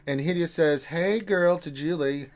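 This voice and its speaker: A man's voice: on the high side, measured pace. Chatty man hosting a gaming livestream. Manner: chatty, reads out viewer messages, jokey asides. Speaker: stream host reading chat. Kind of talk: casual livestream chat.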